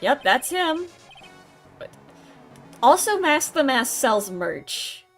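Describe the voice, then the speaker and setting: A woman's voice: high voice, very animated, takes it slowly, a bit bright, faint music behind. Chatty young woman playing a game. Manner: chatty, laughs often, rambling. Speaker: game streamer. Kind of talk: casual let's-play commentary.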